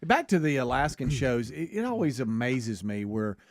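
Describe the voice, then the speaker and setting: A man's voice: medium pitch, big pitch swings, moderate pace. A man co-hosting a talk radio show, telling a story in a wry, casual way. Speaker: radio co-host. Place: radio studio.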